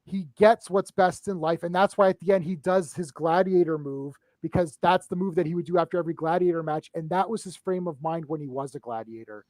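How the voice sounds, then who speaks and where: A man with a notably high voice, recorded dry and close with almost no room sound. He chats casually on a live stream, retelling movie scenes with animated excitement. He talks in quick bursts, restarts often and keeps checking in with "right?". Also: no room sound. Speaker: movie discussion panelist.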